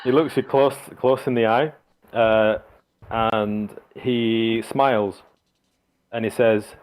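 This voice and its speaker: A man's voice: on the low side, steady tone, takes it slowly, clear, resonant tone. A man narrating as game master of a tabletop game, hesitant, with many fillers and restarts.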